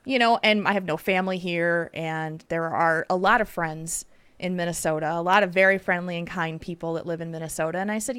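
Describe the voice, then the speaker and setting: A woman hosting a podcast in casual, chatty talk, animated and rambling with fillers. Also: lowish voice, brisk, clear, resonant tone, no room sound. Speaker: podcast host.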